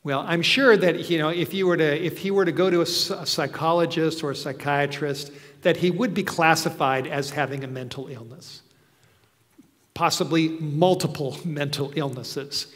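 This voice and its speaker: A man preaching a sermon, telling the story slowly and earnestly with soft asides. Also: on the high side, steady tone. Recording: long hall reverb.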